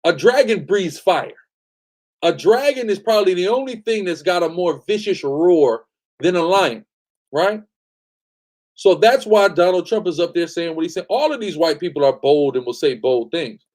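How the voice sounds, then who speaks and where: A man's voice: sits high, lively intonation, moderate pace, a little mellow. A man hosting a live-stream bible study, preaching emphatically, often asking "right?" and telling the reader to go ahead. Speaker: host leading a scripture study.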